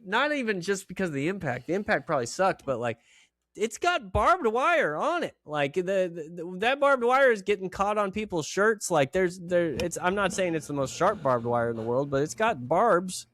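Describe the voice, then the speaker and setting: A man's voice: high-pitched, very animated, moderate pace, a bit bright, no echo. A man co-hosting a casual wrestling podcast, rambling with crude jokes. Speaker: podcast co-host.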